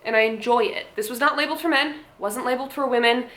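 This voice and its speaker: A woman's voice: on the high side, quick pace, fairly bright tone. A young woman vlogger giving blunt, sarcastic commentary, swearing and laughing often. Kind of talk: casual commentary. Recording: echoey room.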